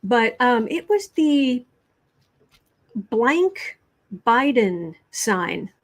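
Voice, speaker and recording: A woman who hosts tarot and astrology livestreams offers casual political commentary on a stream, speaking slowly with lots of pauses, ums and restarts. Her slightly high, sing-song voice carries a blunt, sarcastic tone.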